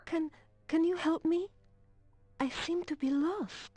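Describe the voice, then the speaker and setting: A woman voicing a frightened ghost woman who is lost and trying to find her way home, speaking with an Eastern European accent in a halting, pleading way. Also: extremely high pitch, darkish tone, no room sound, soft background music. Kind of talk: video game voice acting.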